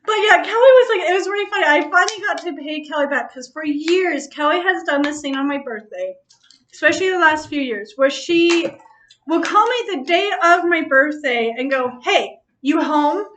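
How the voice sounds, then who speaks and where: A woman's voice: high-pitched, animated, brisk, a bit bright, a little hiss or hum. A woman hosting a casual chat, telling a story with frequent laughter and free swearing. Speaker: host.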